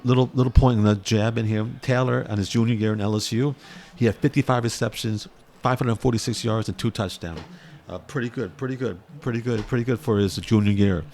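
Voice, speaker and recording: A man giving casual, excitable sports commentary in a vlog, rambling and repeating his words as he gets worked up. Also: lowish voice.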